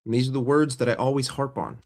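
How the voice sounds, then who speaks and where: A man's voice: medium pitch, quick pace. Blunt, sarcastic man ranting about football. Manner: blunt, sarcastic, swearing, repetitive. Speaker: football fan vlogger. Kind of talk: casual fan rant to camera.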